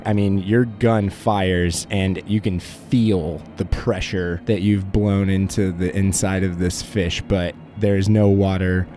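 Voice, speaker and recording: A man runs a tabletop horror game, his low voice soft and mellow. He describes scenes vividly and playfully, often close to laughing. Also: fairly even intonation, slow, hardly any pauses. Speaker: game master.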